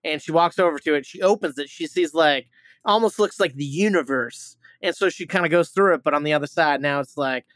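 A man with a fairly high voice hosts a movie review podcast and rambles through a plot summary with plenty of fillers and swearing. His voice is recorded close and dry. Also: fairly quick, a bit bright, no room sound. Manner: rambling, profane, many fillers and restarts. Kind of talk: casual movie review chat.

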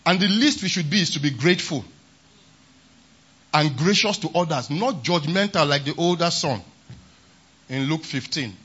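A man's voice: on the high side, fairly bright tone, highs cut off. A man preaching a sermon at a conference, emphatic and often repeating a refrain of praise. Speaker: pastor. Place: large conference hall.

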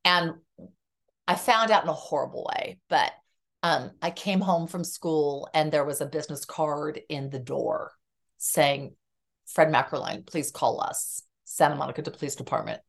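A woman's voice: sits low, normal speed, vocal fry. A middle-aged woman, a psychotherapist, telling a personal story candidly in a conversation and acting out the lines of the people in it. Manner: animated, acts out quoted dialogue. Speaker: psychotherapist guest.

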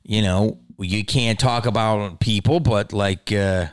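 A man hosting his own podcast, rambling in a casual, profane monologue that swings from mumbles to loud outbursts. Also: lowish voice, slow, no room sound, studio quality. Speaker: podcast host.

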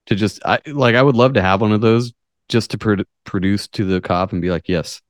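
A man's voice: fairly low pitch, fairly quick, no echo, studio quality. Profane joking man reading the news. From United States. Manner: profane, jokey, reads articles with sarcastic asides. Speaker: podcast host. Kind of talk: casual podcast chat, reading news aloud.

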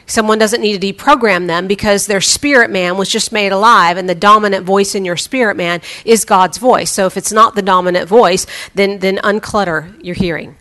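Bright-voiced woman preaching a chatty sermon. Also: mid-range voice, steady tone, moderate pace, few pauses. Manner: chatty and humorous, with frequent restarts. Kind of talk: conversational sermon.

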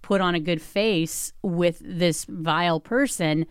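A woman's voice: lowish voice, slow pace, clear, resonant tone, dry recording, clean studio sound. A woman co-host chatting casually, thinking aloud with small restarts. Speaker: podcast co-host. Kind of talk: casual chat.

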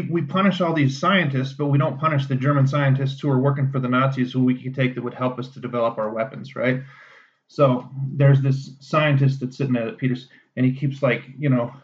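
A man co-hosting a podcast in casual chat, rambling and swearing freely with many restarts. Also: mid-range voice. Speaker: podcast co-host. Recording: dull lo-fi sound.

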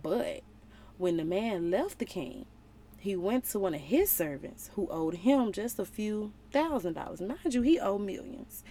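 Woman, young adult, mellow voice, playful slangy Bible study chat, faint background noise. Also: mid-range voice, big pitch swings, a little slow. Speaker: relationship vlogger. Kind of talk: casual Bible study talk.

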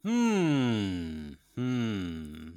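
A man's voice: on the low side, wildly swooping pitch, very slow, a crowd in the background. A man chatting casually as a podcast co-host, rambling and joking, often trailing off mid-sentence. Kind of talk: casual chat.

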